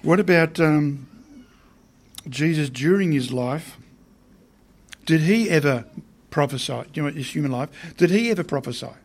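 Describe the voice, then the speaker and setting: A man's voice: fairly high pitch, expressive, moderate pace, pauses often. A man preaching a sermon in a conversational way, often putting questions to his listeners.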